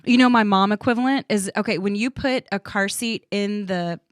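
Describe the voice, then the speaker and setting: A woman's voice: mid-range voice, moderate pace, dry recording. Female co-host, wry teasing banter, dry close mic. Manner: wry, teasing, storytelling with asides. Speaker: podcast co-host. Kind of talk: casual chat.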